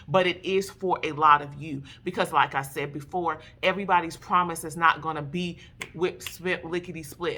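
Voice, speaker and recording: A woman sharing a personal faith testimony and exhorting wives, animated and emphatic, calling her listeners "baby". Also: on the low side. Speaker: faith vlogger addressing wives.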